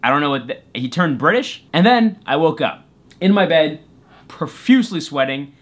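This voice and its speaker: A young man with a somewhat high voice tells a comedic story to camera. He is goofy and self-deprecating. He slips into playful voices for the people in the tale. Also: lively intonation, moderate pace, fairly bright tone. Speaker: YouTuber storyteller. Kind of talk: comedic story time vlog.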